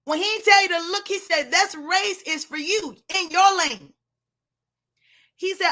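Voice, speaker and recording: A woman's voice: high voice, pushed and bright. A woman giving a blunt, preachy motivational talk on a live stream, speaking straight to her listeners as sis and y'all.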